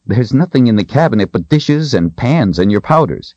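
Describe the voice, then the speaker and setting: A man's voice: mid-range voice, big pitch swings, moderate pace, darkish tone, no room sound, lo-fi sound, pitched above the performer's own voice. A man doing a bewildered young man, skeptical. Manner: questioning, skeptical, rising tone. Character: young male woodsman, bewildered and wary.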